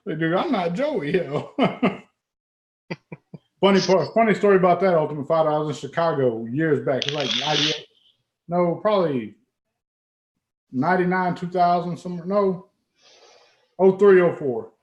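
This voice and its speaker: A man's voice: fairly high pitch, animated, moderate pace, pauses often, reverberant, highs cut off. A man hosting a casual late-night livestream, laid-back and profane, laughing often. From Texas. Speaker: livestream host.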